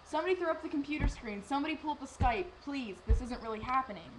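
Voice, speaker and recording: A woman's voice: sits high, fast talker, background noise. Rambling teenage girl telling a story. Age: teens. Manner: rambling, emotional, lively with acted-out quotes. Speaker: vlogger. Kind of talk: personal storytelling vlog.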